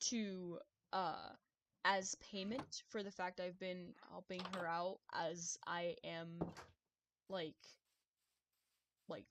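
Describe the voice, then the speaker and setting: A young adult woman chatting on a live stream, excitable and rambling, who swears often and stumbles over her words. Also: fairly low pitch. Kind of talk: casual live-stream chat.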